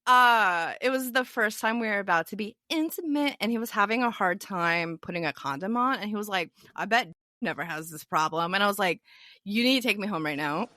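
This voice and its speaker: Bright young woman telling a story. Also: medium pitch, fairly quick, no room sound, studio quality. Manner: animated storyteller, quotes others in a lively voice. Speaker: podcast guest. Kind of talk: casual storytelling chat.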